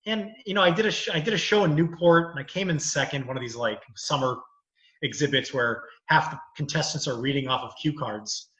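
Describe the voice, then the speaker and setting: A man's voice: on the high side, a little fast, a bit bright, roomy sound, low-quality recording. A man, a comedian and lawyer, chatting casually, rambling through stories with many filler phrases. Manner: rambling storytelling, many "you know"s. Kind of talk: casual chat.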